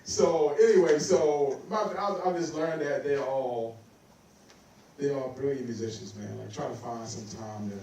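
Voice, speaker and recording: A man, a guest saxophonist, telling stories in a lively way on stage, laughing and acting out the voices of people he quotes. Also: medium pitch, a little slow, slight background noise. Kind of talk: casual storytelling on stage. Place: recital hall on stage. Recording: echoey recital hall, mic from a distance.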